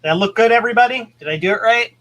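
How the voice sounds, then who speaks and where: A man's voice: extremely high pitch, rapid-fire, rough recording. A man chatting casually on a livestream while repairing electronics, joking and bantering. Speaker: stream host repairing boards. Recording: steady background noise.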